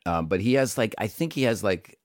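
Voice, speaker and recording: This comedian and voice actor speaks in a lowish voice, fairly quickly, on a dry, studio-quality recording. In a casual interview he tells stories loosely and animatedly, swearing freely.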